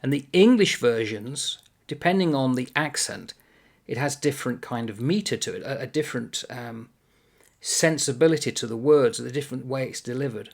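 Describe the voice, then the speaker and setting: A man's voice: mid-range voice, moderate pace, gravelly. A man casually explaining a classic play for a book review video, thoughtful and meandering, often correcting himself as he goes.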